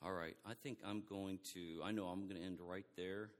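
A middle-aged man preaching a sermon in an animated way, acting out quoted dialogue and often restarting his sentences. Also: low voice, moderate pace, big-room sound.

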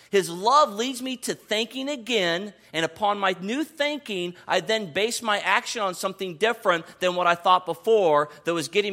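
A pastor in his thirties with a high-sitting voice preaches a sermon in a conversational, animated style. He drops into soft asides and then rises to excited calls.

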